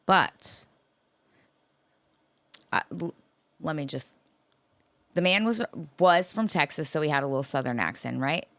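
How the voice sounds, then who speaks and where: A woman's voice: low-pitched, expressive, measured pace, pauses often, a bit bright, dry recording. A woman co-hosting a podcast, telling a long story in a profane, rambling casual chat. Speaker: podcast co-host.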